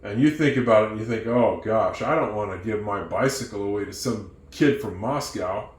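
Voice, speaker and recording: A man teaching English who tells a moral story, acting out its characters with lively changes of voice. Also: lowish voice, normal speed, roomy sound. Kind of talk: storytelling lesson.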